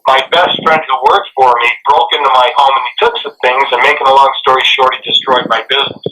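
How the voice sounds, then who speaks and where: A man's voice: mid-range voice, fast, distant mic, a little hiss or hum, low-quality recording. A man, a guest author and speaker, telling stories in an interview and acting out the dialogue. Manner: animated, acts out quoted dialogue. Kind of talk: interview storytelling.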